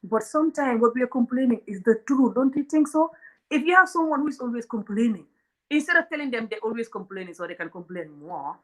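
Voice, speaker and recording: A woman's voice: on the high side, fairly bright tone. A woman from Africa hosting a comedic relationship talk, blunt and outspoken, often laughing. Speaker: host.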